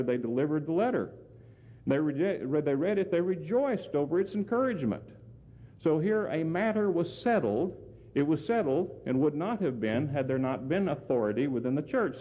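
A man preaching a sermon and explaining scripture, earnest and emphatic, often putting questions to his listeners. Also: on the high side. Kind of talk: sermon, Bible exposition. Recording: phone-like sound with long hall reverb.

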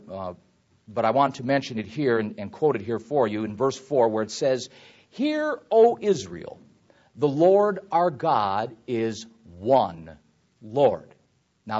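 Emphatic preacher man, lo-fi. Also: mid-range voice. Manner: emphatic, swells loud on scripture and drops to a mutter on asides. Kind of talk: Bible teaching sermon.

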